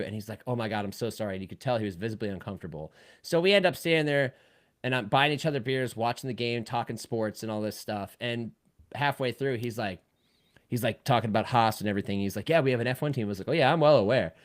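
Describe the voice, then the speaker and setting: A man from Cleveland co-hosting a podcast, telling a long story in a lively way that swings between loud outbursts and quiet asides. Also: lowish voice, brisk. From Cleveland, Ohio. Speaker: podcast co-host. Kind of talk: casual chat, telling a story.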